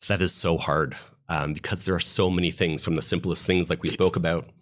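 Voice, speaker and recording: A rabbi with a very deep, low voice, speaking. He tells stories with fervour, his voice climbing on the points that move him. He is a podcast interview guest. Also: steady tone, brisk. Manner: impassioned, storytelling, voice rising on key points.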